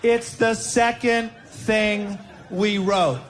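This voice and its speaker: A man performing a stand-up bit in a mocking, drawn-out delivery. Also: sits high, fairly even intonation. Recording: distant with clear background noise.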